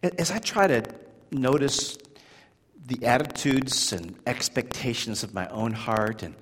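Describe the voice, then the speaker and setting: In a recording with long hall reverb, a man delivers a sermon that builds through repeated words. He shifts between quiet, slow passages and loud bursts of high-pitched emphasis.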